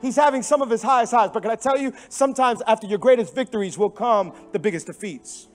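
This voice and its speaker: A pastor with a strikingly high voice for a man preaches in a church, telling his story with big swings from emphatic, near-shouted lines to quiet, hushed ones. He repeats key phrases for stress, and faint music plays softly behind his mic'd voice. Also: fast. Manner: animated storytelling with sudden drops to hushed tones. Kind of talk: sermon. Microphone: microphone.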